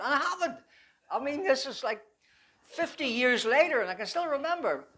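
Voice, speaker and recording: An older man telling his life testimony to a church audience, rambling and halting with many restarts, adding self-deprecating humor. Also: very high-pitched, very animated, sharp tone. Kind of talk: personal testimony storytelling.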